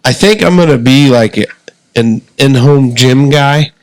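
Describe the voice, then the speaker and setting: A man's voice: mid-range voice, a little slow, dry recording, rough recording. Easygoing middle-aged Indiana man, dry close sound. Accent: Southern Indiana. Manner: relaxed, joking, lays out his plans step by step. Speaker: podcast co-host. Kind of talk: casual chat.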